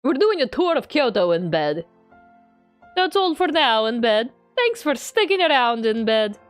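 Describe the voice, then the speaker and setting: A woman's voice: a little high, big pitch swings, measured pace, clean tone, dry recording, faint music behind. A woman streamer reading game text aloud in a playful way with running jokes. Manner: playful, adds a running joke to every line.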